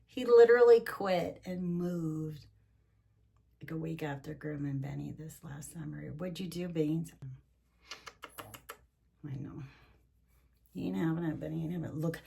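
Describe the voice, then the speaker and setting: A woman's voice: low voice, normal speed, vocal fry, long pauses, warm tone, slightly rough. An older woman, a grandmother, reading a picture book aloud with chatty asides and frequent laughs, her voice swooping up when she reads the story.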